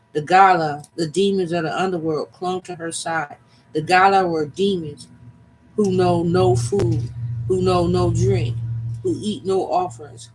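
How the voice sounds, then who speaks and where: A man reading an ancient poem aloud, deliberate and slowing at key lines. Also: high-pitched, slight background noise, poor audio. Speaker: reader.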